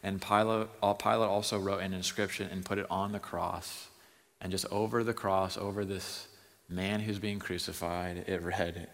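A man preaching a sermon, moving between hushed, near-whispered passages and loud, impassioned stretches as he retells scripture. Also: low-pitched, flat delivery, moderate pace, long reverb tail. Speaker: pastor.

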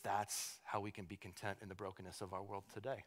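A male pastor preaching a sermon, moving from hushed, slow emphasis to loud, high-pitched fervor, often repeating words as he restarts. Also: flat delivery.

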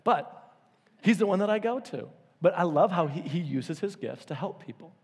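In a church auditorium, a male pastor with a slightly high, husky voice preaches at a moderate pace. He's expressive, animating his stories and acting out quotes with sudden pitch jumps, while long hall reverb trails each phrase.

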